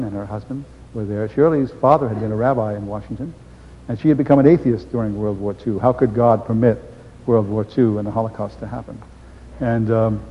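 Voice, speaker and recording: An older man giving a personal testimony, telling his story in an unhurried way and chuckling often. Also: medium pitch, slight background noise. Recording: dull echoey hall recording.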